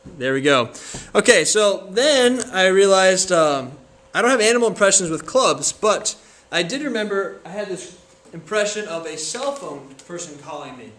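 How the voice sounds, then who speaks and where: A man's voice: sits high, animated, moderate pace, fairly bright tone. A young man chatting casually in a joking, self-deprecating way as he films himself. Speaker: video maker. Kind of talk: casual self-filmed tutorial talk. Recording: echoey room from far off, faint noise.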